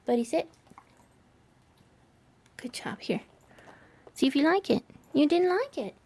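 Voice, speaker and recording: A woman's voice: high-pitched, slight background noise. A young woman vlogging as she trains her dog, chatting and praising the dog in a bubbly, coaxing voice. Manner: bubbly baby-talk praise to dogs. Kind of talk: casual dog training vlog.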